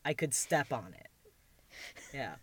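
A woman's voice: rumbling low, big pitch swings, slow, fairly bright tone, a little hiss or hum. A woman chatting casually as a podcast guest, laughing often and full of fillers. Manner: giggly, many fillers. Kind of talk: casual chat.

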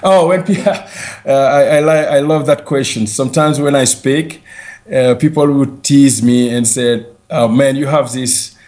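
Earnest West African man, halting restarts. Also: medium pitch, darkish tone. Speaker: interview guest. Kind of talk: reflective interview talk.

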